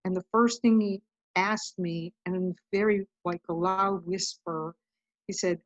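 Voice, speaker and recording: A woman's voice: fairly low pitch, steady tone, a little slow, dry recording. Woman podcast guest rambling through a story, dull lo-fi sound, dry no-room audio. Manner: chatty, recounts events with lots of "I'm like". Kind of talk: casual storytelling.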